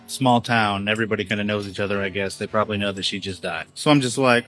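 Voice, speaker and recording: A man's voice: on the low side, quick pace, few pauses, fairly bright tone, soft background music, low-quality recording. A man in his thirties talking casually to camera in a home video diary, rambling with many fillers and restarts. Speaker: vlogger documenting his inherited house.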